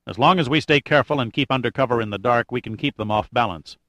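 A man voicing a calm, decisive male team leader in an audiobook, using his own steady voice. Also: medium pitch, fast, dry recording, clean studio sound, natural voice. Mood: firm.

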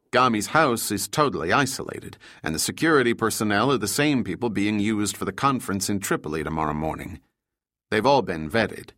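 A man's voice: fairly low pitch, no room sound, clean studio sound, full character voice. A male narrator voicing a stern senior intelligence official who speaks firmly and commandingly. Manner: firm, commanding, shouting when crossed.

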